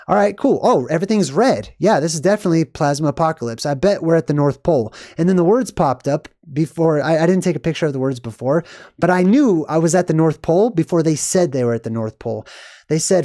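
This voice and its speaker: A man's voice: a little high, expressive, quick pace, warm tone, no echo, clean studio sound. A man giving casual, rambling movie commentary in a conspiratorial way, often ending points with "right?".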